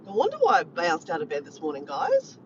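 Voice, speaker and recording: A woman, chatting excitedly to viewers on a phone live stream at the beach. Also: on the low side, a little fast, muffled recording, slight background noise. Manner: chatty, excitable, repeats herself. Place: outdoors, driving to and walking at a beach. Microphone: phone held in hand.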